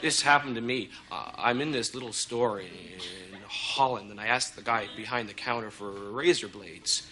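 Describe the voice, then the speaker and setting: An actor playing a smug, deadpan, ignorant male tourist doing a stand-up monologue. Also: on the low side, normal speed, hardly any pauses, noisy background, lightly acted.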